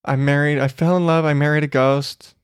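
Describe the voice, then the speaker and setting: A man's voice: fairly high pitch, little pitch movement, a little fast, clear, resonant tone, no echo, studio quality, close to an everyday voice. A man voicing a giddy, lovestruck woman in her forties who talks in a gushing, swooning way.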